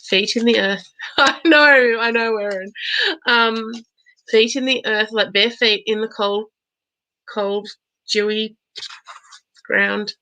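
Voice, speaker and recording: Bubbly, bright-voiced woman reading oracle cards. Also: a little high, gravelly, low-quality recording. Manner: bubbly, chatty, laughs often; slows into gentle, coaching tone for affirmations. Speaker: oracle card reader hosting a live stream. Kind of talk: live-stream chat with viewers.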